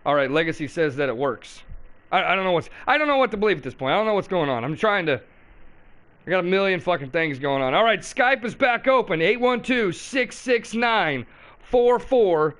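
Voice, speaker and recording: Guy hosting a call-in stream, kinda high voice, cussing nonstop, all over the place. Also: lively intonation, normal speed, fairly bright tone. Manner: brash, profane, scattered and rambling. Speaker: call-in show host. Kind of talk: profane live call-in show chat.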